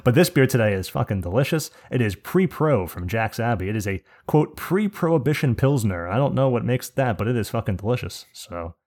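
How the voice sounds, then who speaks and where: A man's voice: medium pitch, animated, fairly quick, few pauses, a little mellow. Profane, ranting man on a podcast. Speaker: podcast co-host. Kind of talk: casual chat.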